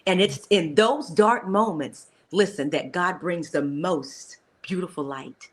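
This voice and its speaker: A woman's voice: lowish voice, slow pace. A woman podcast host and coach talking in an emphatic, encouraging way, with preacherly asides, during a faith-based interview.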